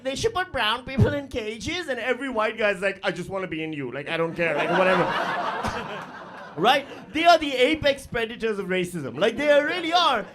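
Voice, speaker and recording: A man's voice: high voice, fairly bright tone. A middle-aged man performing a stand-up comedy set on a live stage, profane and rambling, full of fillers and talking straight to the audience.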